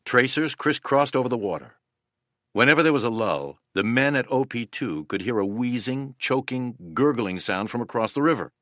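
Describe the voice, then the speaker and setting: A man narrating a war history as an audiobook in a steady, dramatic manner. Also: mid-range voice, normal speed, no room sound. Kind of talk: scripted narration.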